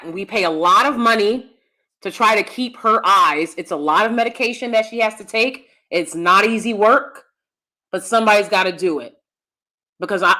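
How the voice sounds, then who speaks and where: Loud animated woman livestreamer. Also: mid-range voice. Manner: loud, animated, talks straight to viewers. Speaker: YouTube commentary host. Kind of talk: casual livestream commentary.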